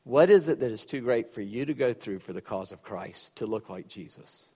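A man's voice: medium pitch, animated, normal speed, warm tone, slightly rough, in a large hall. A man preaching a sermon in a conversational, storytelling way with joking asides. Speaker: pastor.

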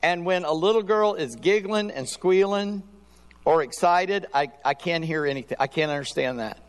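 An older man delivers a sermon in a somewhat high voice, telling animated stories. His voice carries a long reverb, as if he were preaching in a big church hall. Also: moderate pace, clear, resonant tone. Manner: storytelling, animated, acts out voices in anecdotes. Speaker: pastor.

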